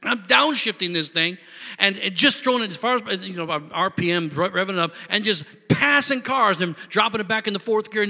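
Pastor guy telling a story in his sermon, bright sharp voice, church echo. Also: high-pitched, brisk, vocal fry. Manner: animated storyteller, quiet asides building to loud shouting praise.

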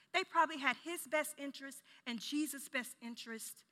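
A woman preaching a sermon with impassioned delivery, rising to near shouts and dropping to hushed tones. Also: high-pitched, moderate pace, in a large hall. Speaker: children's ministry director giving a sermon.

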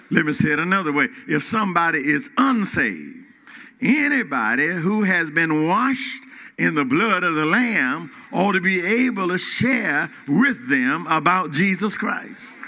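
A man preaching a sermon in a church, swinging between loud rises and quiet drops and calling out to the congregation. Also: on the high side. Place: church hall. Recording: reverberant hall.

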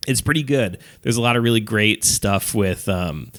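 A man's voice: on the low side, normal speed, fairly bright tone. A man co-hosting a podcast, chatting casually and rambling through a story with lots of "like" and "um", swearing offhandedly and laughing as he goes. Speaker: podcast co-host reviewing films. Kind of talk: casual chat.

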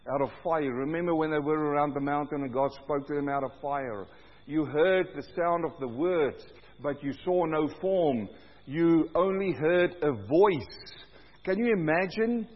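A high-pitched man preaches a booming sermon, his voice swelling loud as he reads scripture to the congregation. The sound is dull and lo-fi, and a long reverb trails after each phrase. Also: normal speed. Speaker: pastor.

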